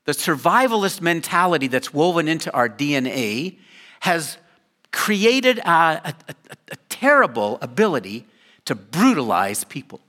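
An older man preaches to his congregation in a loose, conversational way, tossing in joking asides. His voice is bright, and his pitch swings widely as he talks. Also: very animated, measured pace. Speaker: pastor. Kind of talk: sermon.

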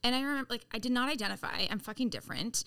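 A middle-aged woman from San Diego telling her life story on a podcast in a blunt, profane, animated way. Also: fairly high pitch, racing, gravelly. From San Diego, California. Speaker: podcast guest. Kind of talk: casual storytelling.

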